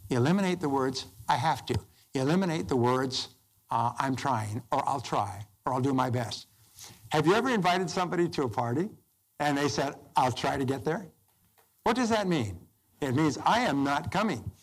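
A man's voice: mid-range voice, lively intonation, normal speed. An older man giving a self-help course lecture, emphatic and acting out quoted dialogue. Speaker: motivational speaker.

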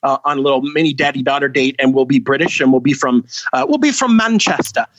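A man in his forties from California, calling in to a talk show and chatting casually, telling self-deprecating stories with a mimic's lively delivery. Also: medium pitch, quick pace, dry recording, muffled recording. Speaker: caller. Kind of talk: casual call-in chat.

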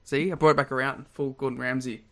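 A man, co-hosting a podcast in casual chat, lively and quick to laugh as he rambles through stories. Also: medium pitch. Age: 20s. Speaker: podcast co-host.

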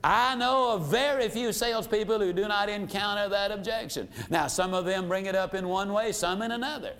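A man giving an emphatic motivational sales lesson, repeating phrases for effect and slowing down on key points. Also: high-pitched, a bit bright. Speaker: sales trainer.

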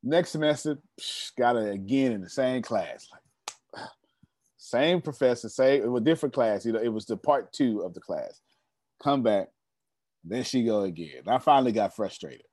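In a dry, clean studio recording, a young adult motivational speaker with an expressive, darkish mid-range voice talks at a moderate pace. Leading a members' meeting, he tells stories preachily and emphatically, addressing listeners head-on.

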